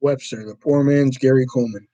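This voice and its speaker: A man's voice: medium pitch, brisk, no room sound, dull audio. A man from Virginia hosting a casual livestream, telling stories with lots of swearing and reacting to his chat. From Virginia, USA. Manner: animated, profane storytelling. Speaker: livestream host.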